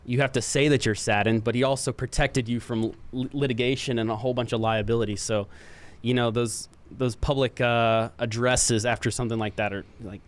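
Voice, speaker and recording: A man on staff filling in as co-host, chatting casually in a measured, agreeable way with some hesitant fillers. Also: mid-range voice, steady tone. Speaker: staff member and guest co-host. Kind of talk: casual chat.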